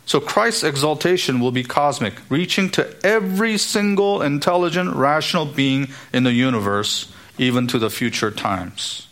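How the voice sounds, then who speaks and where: A man's voice: a little high, animated, normal speed, hardly any pauses, a bit bright. A man preaching an expository sermon in an earnest, emphatic way, now and then acting out the voices he quotes.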